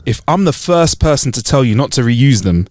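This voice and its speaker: Lively male podcast co-host, animated delivery, dry close-mic sound. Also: mid-range voice, moderate pace, no room sound. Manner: lively, laughs loudly at punchlines. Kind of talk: casual joke-telling chat.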